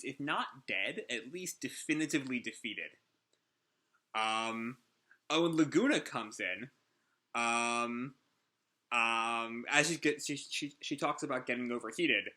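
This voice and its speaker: A man's voice: medium pitch, animated, normal speed, pushed and bright. A man chatting casually through a live manga chapter reaction, enthusiastic and full of fillers.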